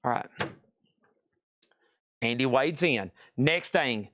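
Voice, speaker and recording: A man hosts a live-streamed record sale, calling out bids and prices with a playful, joking patter. His voice sits fairly high and sounds dry and close to the mic. He repeats items and prices for emphasis. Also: moderate pace, a bit bright, no echo.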